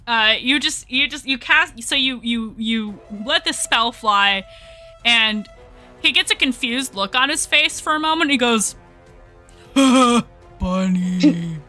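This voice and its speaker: Bright-voiced woman running a tabletop game. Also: on the high side, unhurried, faint music behind. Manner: upbeat, laughs often between rulings. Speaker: game master.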